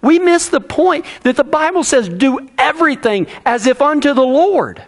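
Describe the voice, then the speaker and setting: A middle-aged man with a drawl preaches and tells a personal story in a homespun, folksy way. His pitch swings widely, dropping low and soft and then climbing high. He often stops and restarts mid-sentence. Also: expressive, moderate pace.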